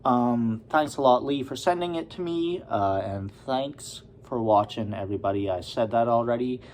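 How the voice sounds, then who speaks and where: A man's voice: medium pitch, moderate pace, a little mellow, a little hiss or hum. A man doing a casual, rambling beer review, with lots of fillers and asides.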